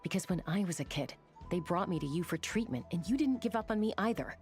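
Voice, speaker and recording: An earnest young ally in a video game, voiced by a woman, sincere, with a lively, rising and falling voice over soft game music. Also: lowish voice, fast, natural voice.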